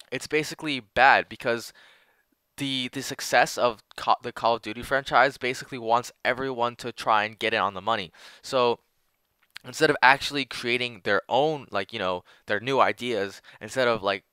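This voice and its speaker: Young man rambling over gameplay, crisp bright voice. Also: medium pitch, no room sound. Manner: rambling, heavy on filler words and restarts. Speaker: gaming commentator. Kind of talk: casual gameplay commentary.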